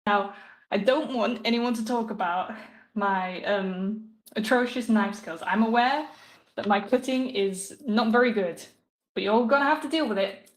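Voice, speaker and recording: A woman's voice: medium pitch, a little slow. A woman live-streaming while cooking, chatting casually and giggling as she rambles to her viewers, picked up by a phone mic in an echoey home kitchen. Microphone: phone mic, moving around away from it. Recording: echoey room audio.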